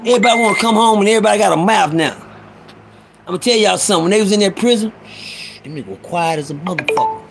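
Excitable high-voiced St. man streaming. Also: very fast, creaky, soft background music. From Ferguson, Missouri. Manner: loud, excitable, profane street talk. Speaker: live stream host. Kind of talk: casual live stream chat. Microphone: phone.

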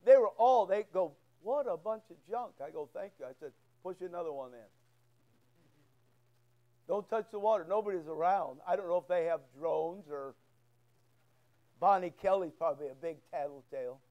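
A man's voice: sits high, moderate pace, dark tone, dull audio. A male pastor preaching a sermon in church, telling a folksy story and acting out both sides of a conversation. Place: church sanctuary.

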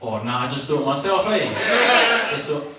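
A man with a New Zealand accent putting on a slow, mumbling, deadpan Kiwi bloke. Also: medium pitch, very echoey, distant mic, very noisy, voice pushed down, natural voice.

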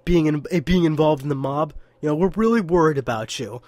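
A man's voice: on the high side, brisk, a little mellow, no room sound, lightly acted. A man voicing a worried middle-aged parent lecturing a grown son.

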